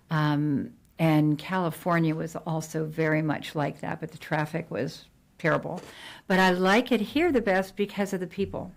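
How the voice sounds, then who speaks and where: A middle-aged woman from New Jersey, a real estate agent chatting casually in an interview, with frequent fillers and restarts. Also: sits low.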